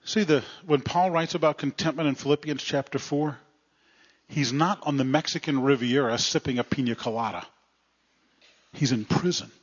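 A male pastor preaching a sermon in a plainspoken, earnest way, often letting phrase ends drop quiet. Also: medium pitch, moderate pace, breathy edge. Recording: slightly muffled lo-fi recording.

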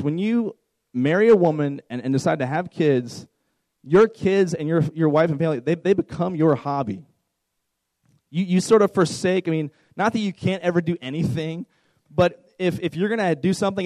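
A man in his thirties gives a youth sermon in a conversational, joking way, often doubling his words as he talks. His voice sits a little high for a man, and the sound is close and dry, with no room echo. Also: darkish tone. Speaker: youth pastor.

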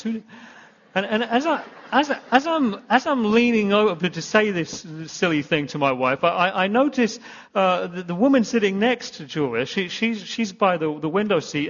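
A man's voice: high-pitched, animated, a little fast, a bit bright. A man giving a sermon as a pastor, telling a rambling, self-deprecating story full of restarts. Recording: long reverb, muffled hall sound.

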